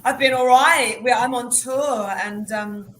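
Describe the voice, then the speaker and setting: A woman stage actress chatting as a guest in a quick, self-deprecating way. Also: on the high side, a bit bright, reverberant, low-quality recording. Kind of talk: interview chat.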